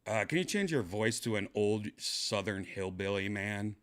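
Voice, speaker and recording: Deep-voiced man, deadpan podcast host. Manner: mumbling, drawn-out fillers, low muttered asides. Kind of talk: casual chat, deadpan trolling.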